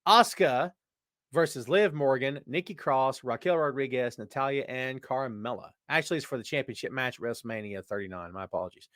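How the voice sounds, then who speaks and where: A man hosts a live podcast, talking in an easy and animated way as he reads out comments from his viewers. His voice sits at an ordinary middle pitch. The sound is dry and close, with no room echo. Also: brisk. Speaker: podcast host. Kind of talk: live-chat wrestling talk.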